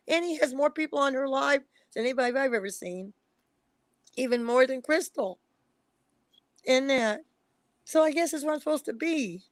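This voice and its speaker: A woman's voice: high-pitched, no room sound. A woman talking as a guest psychic reader on a live stream, emphatic and repetitive, pleading with her listeners. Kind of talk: emotional casual live-stream talk.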